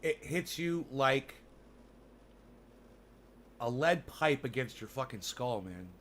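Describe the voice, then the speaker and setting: A man livestreaming and chatting with his viewers, swearing freely and ranting between long filler pauses. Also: mid-range voice, animated, fairly bright tone, a little hiss or hum. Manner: profane, ranting, full of fillers. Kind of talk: casual livestream chat.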